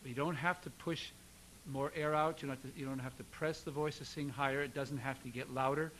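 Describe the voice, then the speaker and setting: A man's voice: mid-range voice, a little fast, slight background noise, poor audio. Upbeat man coaching a singer. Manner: encouraging, animated coaching with sung demonstrations. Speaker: voice teacher. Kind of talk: singing lesson coaching.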